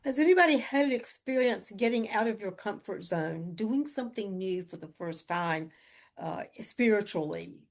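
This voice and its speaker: A woman's voice: medium pitch, animated, normal speed. A woman leading a church sharing time, inviting others with open questions. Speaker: discussion leader.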